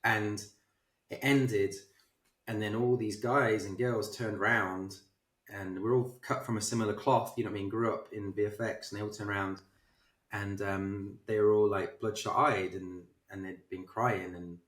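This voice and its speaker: A film director, a man, telling anecdotes in an animated, self-deprecating way as an interview guest. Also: fairly low pitch, moderate pace, distant mic. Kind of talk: casual interview storytelling. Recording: roomy echo.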